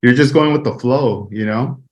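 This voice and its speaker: A man hosting a podcast, chatting in a relaxed, easygoing way with lots of filler words. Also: mid-range voice, moderate pace. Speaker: podcast host. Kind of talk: casual interview chat.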